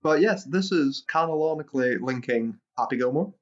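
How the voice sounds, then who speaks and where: A man's voice: mid-range voice, lively intonation, normal speed, highs cut off, crowd noise. A man co-hosting a podcast, chatting casually about a film, rambling and swearing, restarting his sentences. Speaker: podcast co-host. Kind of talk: casual film-review chat.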